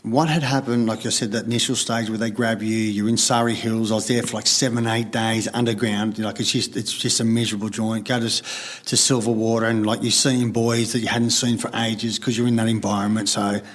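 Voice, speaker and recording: A man's voice: fairly low pitch, little pitch movement, fairly quick. A middle-aged Australian man telling his story in casual conversation, blunt and swearing freely. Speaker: podcast guest.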